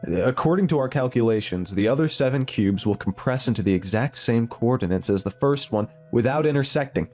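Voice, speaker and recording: A man's voice: mid-range voice, brisk, hardly any pauses, faint music behind, voice pushed up, natural voice. Man playing an eager, proud engineer. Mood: excited. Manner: excited, eager. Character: excited, proud male engineer.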